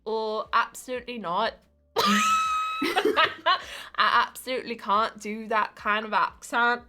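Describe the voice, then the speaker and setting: A woman's voice: fairly high pitch, slow, long pauses, sharp tone, faint music behind. A woman streaming a game, chatting casually and often breaking into giggles. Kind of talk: casual live-stream chat while gaming.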